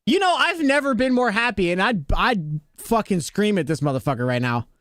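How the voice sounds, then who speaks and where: A man streaming a game live, talking to his chat in an excitable, flustered, joking way. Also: sits high, brisk, no room sound, studio quality.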